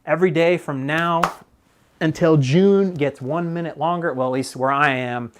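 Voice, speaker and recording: A man's voice: a little high, normal speed, clear, resonant tone. Rambling casual guy on a bike live stream. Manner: rambling, filler-heavy, laughs often. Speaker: mountain bike YouTuber.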